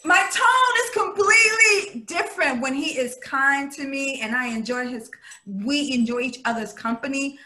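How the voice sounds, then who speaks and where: A woman in casual chat, telling stories in an animated, expressive way, recorded in an echoey room. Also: high-pitched, moderate pace.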